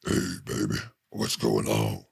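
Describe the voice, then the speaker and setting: A man putting on the voice of a huge, muscular husband, with a deep, gravelly growl. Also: monotone, unhurried, full character voice. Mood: calm.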